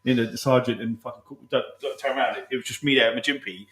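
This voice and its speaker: A man's voice: medium pitch, fairly even intonation, fast, a bit bright, echoey room, low-quality recording. A man telling army stories in casual chat, swearing often and laughing as he goes. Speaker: podcast host.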